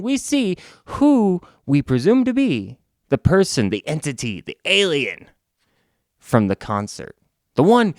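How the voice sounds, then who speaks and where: A man's voice: a little high, no room sound, clean studio sound. A man casually reviewing a comic book, wry and rambling as he talks it through. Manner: wry, rambling, self-interrupting.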